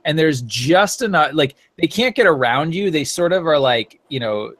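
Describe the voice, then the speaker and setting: A man's voice: fairly high pitch, lively intonation, normal speed, a bit bright. A man narrating a tabletop game as game master, rambling with many fillers and correcting himself as he goes.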